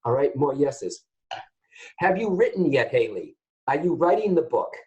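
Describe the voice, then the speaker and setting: A man hosting a call-in psychic reading show, chatty and animated, often turning to address his listeners. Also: on the high side, moderate pace, lo-fi sound. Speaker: psychic medium host.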